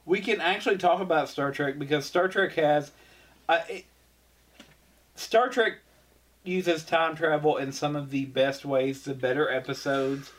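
A man's voice: a little high, a little slow, fairly bright tone, far from the mic. Rambling man co-hosting a casual chat. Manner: rambling, restarts often, laughs at his own jokes. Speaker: podcast co-host.

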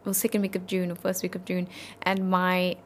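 A South African woman in her thirties, an interview guest telling a personal story in an earnest, halting, heartfelt way. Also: fairly low pitch, completely flat delivery.

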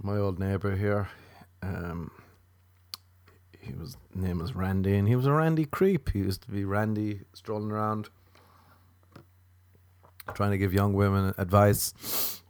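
A man's voice: fairly low pitch, fairly even intonation, unhurried, pauses often, a little mellow, no room sound. A man, a comedian hosting a podcast, rambling through a playful, crude, self-mocking monologue. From Ireland.

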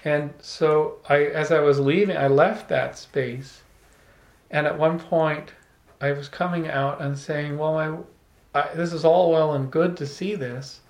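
A man telling a personal story to a small audience, animated, often laughing and restarting his words. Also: fairly high pitch, unhurried. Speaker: salon speaker. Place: room with a small live audience. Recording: echoey room.

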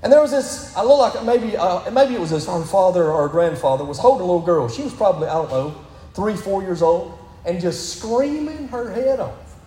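Emphatic high-voiced pastor preaching in a hall. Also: male voice, animated, fairly quick, warm tone. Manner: emphatic, repeatedly urging "listen". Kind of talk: sermon. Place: church sanctuary. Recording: echoey hall.

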